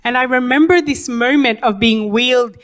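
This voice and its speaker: A woman's voice: a little high, normal speed. A young adult woman giving a personal testimony in church, telling her story with many fillers and restarts.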